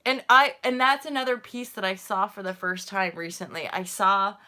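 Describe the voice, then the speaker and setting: A woman's voice: medium pitch, fairly even intonation, moderate pace, pushed and bright. A woman chatting casually on a spiritual livestream, rambling, swearing freely and mocking herself. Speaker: spiritual vlogger.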